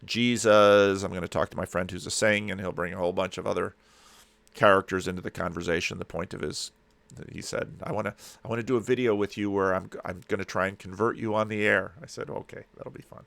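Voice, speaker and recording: A man's voice: low voice, steady tone, brisk, vocal fry, fairly bright tone, no room sound. A man hosting a commentary, reacting to a lecture clip in a musing, digressive way with many restarts. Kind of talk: casual spoken commentary.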